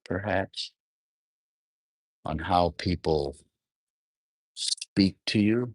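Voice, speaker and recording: A man's voice: rumbling low, slow pace, long pauses, breathy edge, dry recording. A man talking on his own without a script, musing aloud, often rephrasing and trailing off mid-thought, and asking the listener reflective questions. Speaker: astrologer. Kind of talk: unscripted solo monologue.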